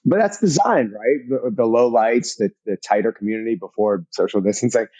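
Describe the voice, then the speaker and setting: Man, podcast guest, energetic, emphatic, mid-pitched voice, dry close sound. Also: brisk, husky, dry recording, low-quality recording. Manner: energetic, emphatic, swears casually, repeats phrases. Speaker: podcast guest, fitness entrepreneur. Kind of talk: casual interview chat.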